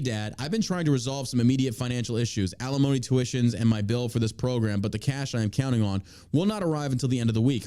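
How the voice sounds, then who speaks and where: A man's voice: mid-range voice, dark tone. A man hosting a political commentary podcast, reading news items aloud and then ranting at listeners with heavy profanity. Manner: heated, preachy appeals to listeners. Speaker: podcast host.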